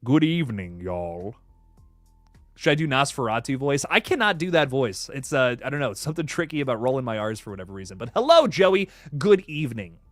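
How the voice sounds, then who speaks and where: Excitable rambling man on a dry mic. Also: mid-range voice, fast talker, hardly any pauses, no echo, faint music behind. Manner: rambling, excitable, many fillers and restarts. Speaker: horror news streamer. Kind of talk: casual live stream chat.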